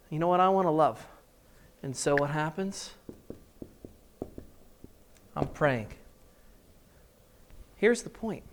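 A male preacher telling a personal story in a sermon, animated, with emphatic repetition. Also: fairly high pitch.

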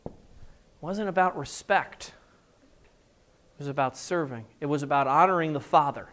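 A male preacher telling a personal story in a sermon, animated, with emphatic repetition. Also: fairly high pitch, normal speed.

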